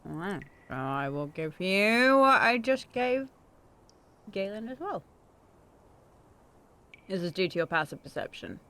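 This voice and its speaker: A woman running a tabletop game over a voice call, chatty and quick to laugh. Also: medium pitch. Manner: laughs often, relaxed and chatty. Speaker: game master.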